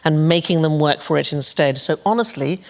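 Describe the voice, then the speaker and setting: A woman's voice: sits low, a little fast. A woman enthusiastically presenting a segment on a panel show, fond and full of wonder.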